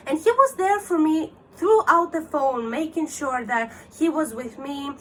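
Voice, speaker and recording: A woman's voice: sits high, unhurried, few pauses, slight background noise. A woman vlogger telling a personal story to camera, agitated as she retells a scam phone call and quotes both sides.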